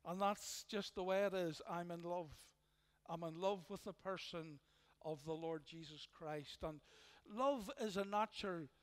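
A man with a Northern Irish accent preaching a sermon as pastor, earnest and emphatic, often repeating phrases for weight. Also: sits high. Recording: long hall reverb.

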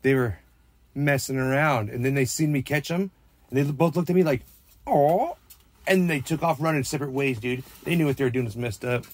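A man's voice: medium pitch, a little fast, no room sound. A man teasing and playfully scolding his dog in casual chat at home. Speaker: dog owner filming his pets.

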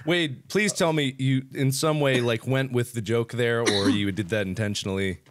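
A man's voice: mid-range voice, steady tone, moderate pace. A young man in his twenties hosting a gaming session, laughing hard and often through casual banter. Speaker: host and gamer.

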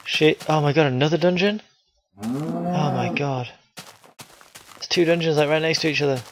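A man's voice: on the high side, steady tone, quick pace, slight background noise, low-quality recording. A man giving casual commentary while playing a game, talking to his viewers and breaking into frustrated outbursts at the enemies. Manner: talks to the viewers. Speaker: gaming video host.

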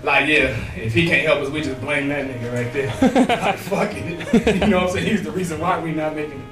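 A man's voice: fairly high pitch, steady tone, a little fast, roomy sound, distant mic, music in the background. A man doing a crude, rambling stand-up comedy set in a small, nearly empty club, laughing at his own jokes.

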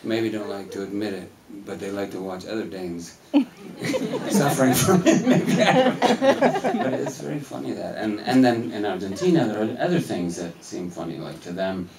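A man on a film Q&A panel, talking in a rambling, animated way and laughing as he tells stories in a cinema hall. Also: on the low side, moderate pace, gravelly, far from the mic, crowd noise. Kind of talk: casual live Q&A storytelling. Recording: echoey hall, mic heard from afar.

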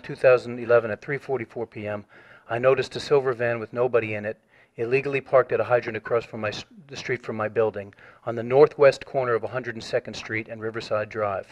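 A man reading out a written complaint on a phone call, measured and formal, turning insistent when pressed. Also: medium pitch. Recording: dull lo-fi audio.

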